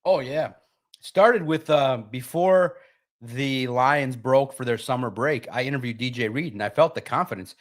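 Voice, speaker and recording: A man co-hosting a sports talk show, talking casually and emphatically, often jumping high in pitch to stress a point. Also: moderate pace.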